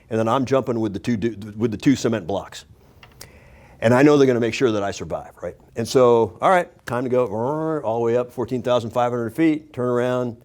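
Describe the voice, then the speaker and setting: A man in his sixties, a guest on a talk show, telling a story with lively energy and acting out the voices and shouts of the people in it. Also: mid-range voice. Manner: animated, acts out voices and shouts in his stories.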